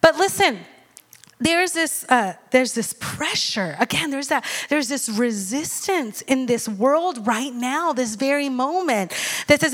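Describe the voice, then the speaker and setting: A woman in her thirties giving a sermon full of personal stories, chatty and animated, checking in with the audience with "okay?" and "all right?". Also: sits high, slow pace. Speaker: speaker at a women's church gathering. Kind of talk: preaching with personal storytelling.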